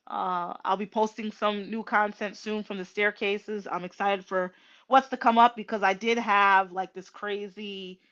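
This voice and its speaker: A woman host talking slowly and emotionally to her viewers, with many pauses, ums and restarts, near tears. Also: medium pitch, fairly bright tone, lo-fi sound. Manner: tearful and emotional. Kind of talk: casual heartfelt livestream talk.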